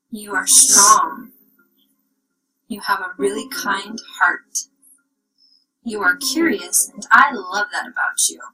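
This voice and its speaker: A woman guiding a child through breathing and affirmations in a soft, gentle voice that often drops to a half-whisper. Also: medium pitch, poor audio. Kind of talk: guided relaxation and spoken affirmations.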